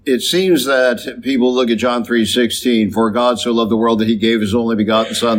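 A man, a priest, preaching a sermon slowly and emphatically, drawing out key phrases. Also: fairly low pitch. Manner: slow, emphatic preaching with drawn-out stressed phrases.

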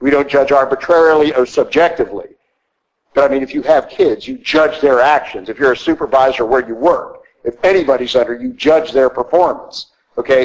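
A middle-aged male priest gives a blunt, conversational sermon in a church, frequently tossing in "okay?" as an aside. His voice is fairly high, and the recording is low quality.

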